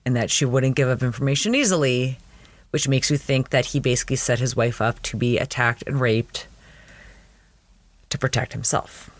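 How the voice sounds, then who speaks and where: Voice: mid-range voice, no echo. Podcast host for a TV recap show; loose, chatty, incredulous, dry close sound. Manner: chatty, laughing, incredulous asides. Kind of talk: casual episode recap.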